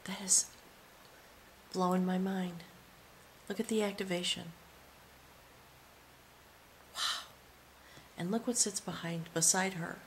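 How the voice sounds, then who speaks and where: Female tarot reader, mid-pitched, reverent and awed delivery with whispered asides. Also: steady tone, slow, pauses often, slight background noise. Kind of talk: spoken tarot reading.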